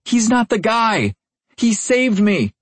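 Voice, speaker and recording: A shrill, protective young woman from a spoken-word novel calls out in a high, strained voice, as a man puts her on. The voice stays husky and sits close to the mic in a dry space. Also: big pitch swings, takes it slowly, no echo, heavily acted. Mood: desperate, defiant. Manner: shrill, pleading and commanding.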